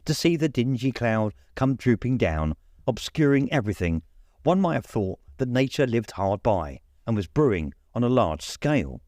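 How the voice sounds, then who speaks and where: A man reading a classic novella aloud as an expressive audiobook narrator. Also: medium pitch, normal speed, no echo, studio quality. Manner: animated storyteller.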